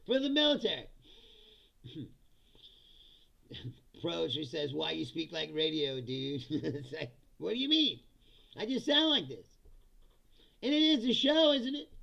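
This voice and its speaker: Middle-aged male streamer, high bright gravelly voice, profane and jokey, slightly dull lo-fi audio. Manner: laughs often, profane, reads chat comments aloud and answers. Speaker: livestream host reading chat. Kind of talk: casual ranting political comedy stream.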